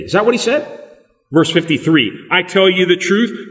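Man, pastor, sermon, animated rising and falling voice, emphatic, long hall reverb. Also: a little high. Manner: emphatic preaching, slows down on key words. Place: church hall.

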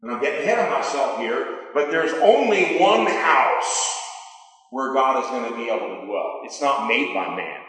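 A man's voice: medium pitch, lively intonation, normal speed, a bit bright. A man preaching a sermon in a church sanctuary, emphatic, repeating key phrases and asking his congregation questions. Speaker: pastor. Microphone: sound system mic. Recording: echoey church hall, long reverb.

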